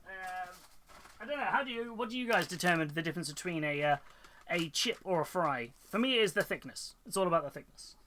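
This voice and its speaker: A man's voice: high voice, animated, brisk, bright, forceful tone, slight background noise. A British man chatting casually on a live stream while painting miniatures, rambling and laughing often. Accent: British English. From United Kingdom.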